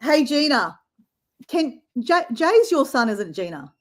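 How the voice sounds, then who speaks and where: Chatty Australian woman, lively voice. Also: high voice, measured pace. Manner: chatty, animated, filler-heavy. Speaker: live stream host. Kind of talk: casual live chat.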